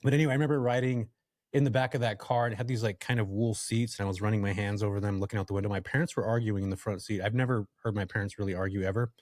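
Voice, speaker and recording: A man from California, a podcast guest, telling a story from his working life in a casual, animated way and addressing the listeners directly. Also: on the low side, racing, no room sound, clean studio sound. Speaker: podcast guest, real estate investor.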